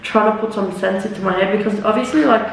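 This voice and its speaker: Rambling young woman with vocal fry. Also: medium pitch, fairly even intonation, quick pace. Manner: rambling, swears freely, many "like"s and "literally"s. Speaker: vlogger. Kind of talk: casual storytime while doing makeup. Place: echoey room, talking away from the camera. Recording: roomy echo, mic at a distance.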